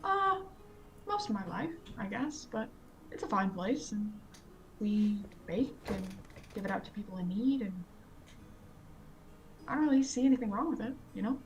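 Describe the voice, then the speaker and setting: A woman voicing an older male elf food vendor who speaks plainly and calmly, without any accent. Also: mid-range voice, normal speed, pauses often, slight background noise, close to an everyday voice, rough recording. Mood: easygoing. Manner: plain, casual, no accent, mildly amused.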